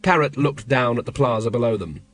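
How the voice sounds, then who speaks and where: A man narrating an audiobook in a measured, wry storytelling manner. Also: mid-range voice, fairly bright tone. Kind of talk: scripted narration.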